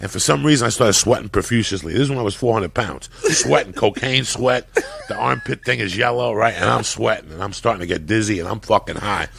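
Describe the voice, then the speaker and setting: Gravelly, low-voiced man telling stories. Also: brisk. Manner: loud, profane storyteller. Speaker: podcast guest. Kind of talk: casual chat.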